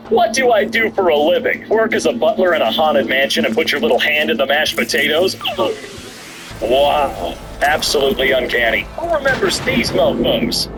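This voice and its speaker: A man hosting a comedy video, reading memes aloud with sarcastic, playful commentary and quick silly voices. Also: a little high. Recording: noisy background.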